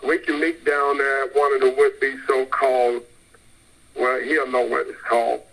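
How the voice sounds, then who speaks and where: A man's voice: mid-range voice, little pitch movement, normal speed, a bit bright, low-quality recording. A man delivering a rambling, emphatic sermon and repeating his points insistently. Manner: emphatic, repetitive, insistent preaching. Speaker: preacher. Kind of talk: street-style sermon.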